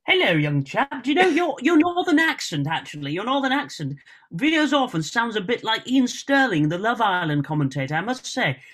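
A man's voice: very high voice, big pitch swings, fairly quick, a bit bright, pitched above the performer's own voice, exaggerated voice. A man putting on the voice of a posh young southern English man in a pub, with a plummy put-on posh southern English accent and a formal manner. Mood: jovial.

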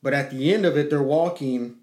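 A middle-aged man telling a story in casual chat, swearing freely and acting out quotes with lively energy. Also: a little high, a little fast. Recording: echoey room.

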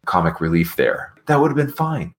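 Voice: low-pitched, sing-song, normal speed. A podcast co-host ranting in exasperation, swearing heavily. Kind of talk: casual podcast chat.

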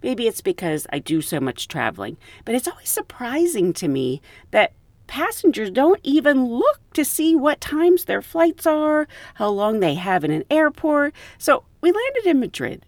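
Woman flight attendant; chatty, laughs a lot, fairly high voice. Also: moderate pace, creaky, dry recording. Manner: animated, laughs often. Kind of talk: casual storytelling.

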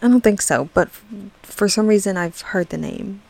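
A woman's voice: medium pitch, normal speed, gravelly, a little mellow, no echo. A young woman hosting a podcast, chatting casually with lots of "like" and "um", light laughs and the odd swear word. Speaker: podcast host.

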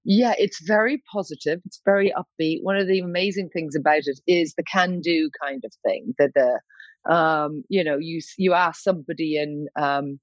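A woman actress, a guest on an interview, chats in a lively, jokey way from home. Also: low voice, moderate pace, dry recording. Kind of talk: casual interview chat. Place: home in London. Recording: dry, dull lo-fi call audio.

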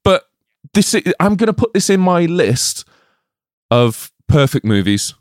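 A man, co-hosting a casual film podcast, excitable and sweary. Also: fairly high pitch, measured pace, no room sound, clean studio sound. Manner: excitable, sweary, acts out quotes. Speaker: podcast co-host. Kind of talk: casual film review chat.

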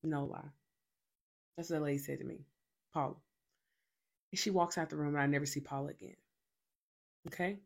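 A woman's voice: sits low, fairly even intonation, a little fast, gravelly, long pauses. A young woman hosting a faith show, telling a personal testimony in a dramatic, emphatic way with lots of repetition.

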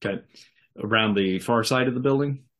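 A man's voice: medium pitch, a little fast, fairly bright tone. A man narrating as game master of a tabletop game, casual with many fillers.

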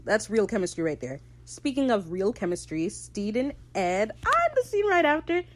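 A woman hosting a casual solo podcast recap, chatting in a gushing, excitable fan manner. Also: mid-range voice, normal speed, a little hiss or hum, poor audio. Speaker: podcast host.

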